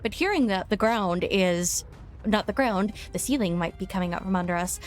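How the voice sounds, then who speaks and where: A woman's voice: mid-range voice, lively intonation, moderate pace, soft background music. A woman player at a tabletop game, grumbling with self-deprecating humor. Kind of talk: casual tabletop gaming chat.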